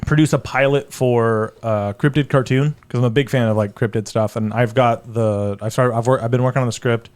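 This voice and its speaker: A man's voice: mid-range voice, fairly even intonation, darkish tone. Rambling self-deprecating comedian man. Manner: rambling, self-deprecating, halting with many fillers. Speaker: comedian guest. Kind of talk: casual podcast chat.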